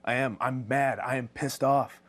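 A professional wrestler in an interview, talking in an earnest, emphatic way. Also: male voice, medium pitch, fairly even intonation, moderate pace, a bit bright. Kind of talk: backstage interview.

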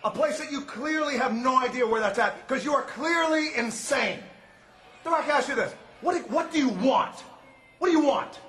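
High, shouting wrestler in an echoey arena. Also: male voice, normal speed. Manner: boastful, shouting, refers to himself in the third person. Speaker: pro wrestler cutting a promo. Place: large indoor arena. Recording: echoey arena with faint crowd noise.

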